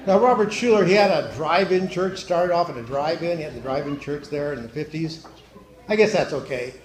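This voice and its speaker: A middle-aged man doing stand-up at a church, telling joke stories with deadpan delivery and punchlines that drop low and quiet. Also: brisk. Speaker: stand-up comedian. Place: church hall. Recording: echoey hall, faint noise.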